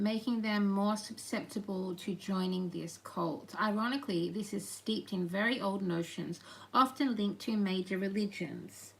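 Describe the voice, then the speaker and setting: Soft-spoken woman with a creaky voice. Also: medium pitch, rough recording. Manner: halting and meandering, with murmured asides. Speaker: channeler. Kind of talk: spoken channeled messages.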